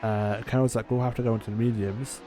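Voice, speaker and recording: A man's voice: fairly low pitch, little pitch movement, fast, warm tone. A man commentating a sim race, chatty and reacting to the on-track battles.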